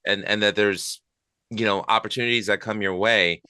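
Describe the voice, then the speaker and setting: A man's voice: on the low side, steady tone, moderate pace, pushed and bright, clean tone, dry recording. A middle-aged man hosting a casual podcast interview, rambling with fillers and restarts. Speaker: podcast host.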